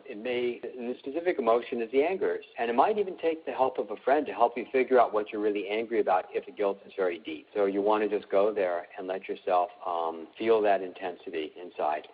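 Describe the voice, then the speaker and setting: A middle-aged man teaching an emotional healing class, speaking calmly and instructively, repeating points for emphasis. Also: on the low side, slightly rough. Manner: calm, instructive, repetitive emphasis. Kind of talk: live online class talk. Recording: tinny phone-like line.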